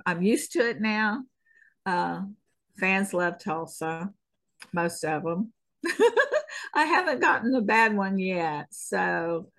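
This middle-aged stunt woman, a guest with a Southern US accent, has a fairly low, fairly bright voice with vocal fry. She chats in an unhurried, folksy, easygoing way during a casual interview, chuckling often.

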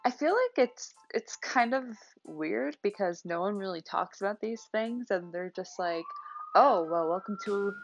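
A woman's voice: mid-range voice, expressive, a little slow, creaky, hardly any pauses, dull audio. A young woman talks in a loose, confessional way on her own podcast. She is blunt and cheerful, curses casually and laughs between thoughts. Faint music plays behind her. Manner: candid, swears freely, laughs often. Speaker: podcast host.

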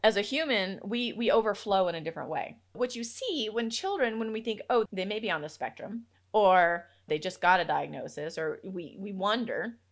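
Woman in her 30s, from Africa, solo podcast host; animated pitch, chatty, laughs easily. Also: normal speed, few pauses. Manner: lively, chatty, laughs often, quotes herself. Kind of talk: casual solo podcast talk.

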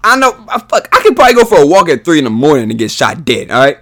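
Exasperated guy, podcast rant, cusses a ton, voice pretty high and all over the place. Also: wildly swooping pitch, quick pace, bright, forceful tone. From United States. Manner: profane, exasperated, voice jumps up when heated. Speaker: podcast host.

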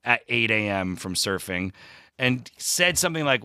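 A man's voice: fairly low pitch, expressive, moderate pace, bright, forceful tone, smooth, no room sound, clean studio sound. A man, an actor and comedian in his forties, telling self-deprecating stories in a casual chat and swearing freely. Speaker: podcast guest, comedic actor.

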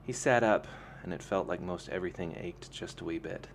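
A man reads a fantasy novel aloud in a calm, even storytelling manner. His voice sits very low with a gravelly edge, and a faint hiss runs behind the reading. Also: fairly quick. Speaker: narrator.

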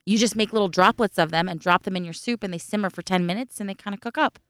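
A woman's voice: mid-range voice, fast, a bit bright, no room sound, studio quality. A middle-aged woman co-hosting a podcast in casual chat, laughing often and explaining recipes step by step. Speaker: podcast co-host.

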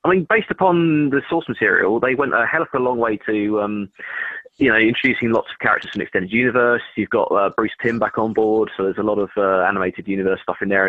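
A man's voice: fairly low pitch, quick pace, dry recording. A man co-hosting a podcast, explaining his views on a film in a casual chat. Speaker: podcast co-host. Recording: tinny phone-like line.

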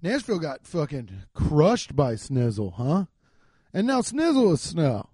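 A young man hosting a casual solo podcast, rambling and swearing, swinging from muttering to loud outbursts. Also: on the high side, a little slow, slightly rough, dry recording. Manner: loose, profane, rambling with frequent swearing; animated, jumps between muttering and loud outbursts. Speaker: podcast host. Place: home garage.

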